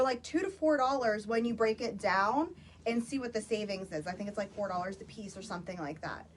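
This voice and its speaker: A woman's voice: a little high, a little hiss or hum. A woman chatting casually on a phone livestream, showing products to viewers with lots of filler words. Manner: chatty, filler-heavy, addresses viewers as "you guys". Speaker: social-selling vlogger. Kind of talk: casual live product demo. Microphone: phone, live stream.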